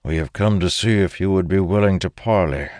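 A man voicing a measured, diplomatic lord protector. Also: sits low, darkish tone, dry recording, studio quality, voice pushed up, natural voice. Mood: earnest.

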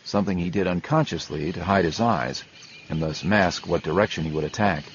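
A man narrating a grim adventure novel in a steady storytelling manner. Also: sits low, brisk, highs cut off, a little hiss or hum. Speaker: audiobook narrator. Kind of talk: scripted narration.

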